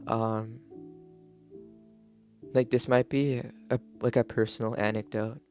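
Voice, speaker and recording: With faint music in the background, a man covers game patch notes in a flat, slow, mid-range voice with a darkish tone, sounding like he just woke up. As a video creator, he rambles casually, restarts frequently, and says "like" constantly.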